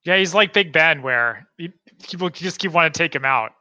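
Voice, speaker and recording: Wry, bright-voiced podcast man. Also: on the high side, lively intonation, a little fast, no room sound. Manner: wry, sarcastic quips. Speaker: podcast co-host. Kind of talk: casual movie chat.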